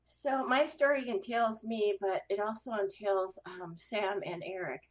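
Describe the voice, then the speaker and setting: A woman's voice: medium pitch, a little slow. A woman hosting a casual chat show, telling a story and acting out the voices in it. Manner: animated storyteller, acts out quoted voices. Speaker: host. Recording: dull lo-fi sound.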